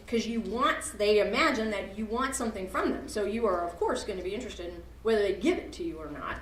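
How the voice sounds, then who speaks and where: A woman leading an advocacy workshop, quizzing her audience and making joking asides in a lively talk. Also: mid-range voice, a little hiss or hum. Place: meeting room at a church event. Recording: roomy hall, from far off.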